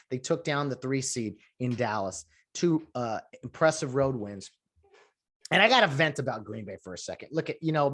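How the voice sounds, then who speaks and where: A man giving casual sports commentary in an animated, ranting way, with many fillers and restarts. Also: mid-range voice.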